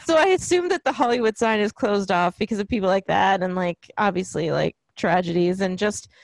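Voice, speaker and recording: A woman's voice: mid-range voice, fairly quick, creaky, no room sound, rough recording. A woman in her twenties co-hosting a podcast, rambling in casual chat with many fillers. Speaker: podcast co-host.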